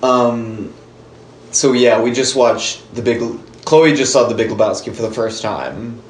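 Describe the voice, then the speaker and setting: A man's voice: mid-range voice, a little slow. A man co-hosting a chatty podcast, taking his time with his words and often breaking into laughter. His voice rings with a roomy echo. A faint noise sits behind it. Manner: joking, laughs often, quotes films. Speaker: podcast co-host. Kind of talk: casual chat.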